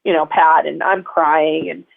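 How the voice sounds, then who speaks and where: A woman with a gravelly edge talks as a guest, and her stories ramble along with lots of "um" and "like". She comes through a tinny, phone-like line. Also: low-pitched, fairly even intonation, measured pace. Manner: chatty, rambling, full of fillers. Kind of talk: casual interview storytelling.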